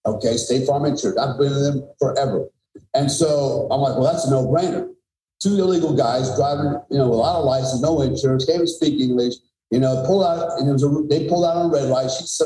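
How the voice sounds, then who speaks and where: A man's voice: mid-range voice, warm tone. A middle-aged man, a podcast guest, telling a story in a blunt, emphatic, profane way. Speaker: podcast guest, former special forces soldier. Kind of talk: conversational storytelling. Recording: roomy echo.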